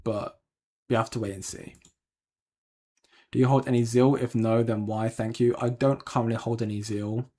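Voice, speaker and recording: Husky-voiced man rambling on a crypto stream. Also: mid-range voice, fairly even intonation, normal speed, long pauses, warm tone. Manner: rambling, hedging, frequent ums and restarts. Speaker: crypto channel host. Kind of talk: casual livestream chat answering viewer comments.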